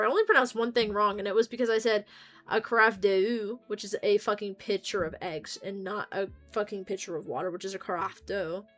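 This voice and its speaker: A young American woman talks at a middle pitch, rambling loosely from one thought to the next. She swears freely and jokes at her own expense in a casual livestream chat. Faint game music plays quietly behind her.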